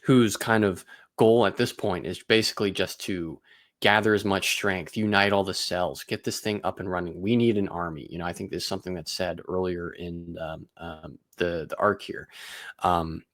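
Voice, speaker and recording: A man's voice: low-pitched, steady tone, normal speed, fairly bright tone, dry recording. Man reviewing a series, dry close sound. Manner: analytical, talks in long explanations. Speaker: podcast host. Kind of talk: casual review discussion.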